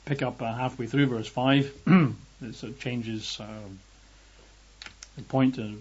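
Husky-voiced male preacher, unhurried. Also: mid-range voice, fairly even intonation. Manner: unhurried, hesitant with fillers, slows and lifts when quoting scripture. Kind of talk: sermon. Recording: dull lo-fi sound.

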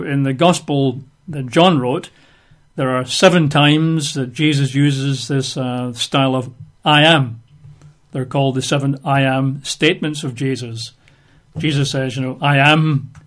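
A man teaching from the Bible, reading passages aloud and then explaining them in relaxed, chatty asides. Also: on the high side, moderate pace. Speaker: preacher.

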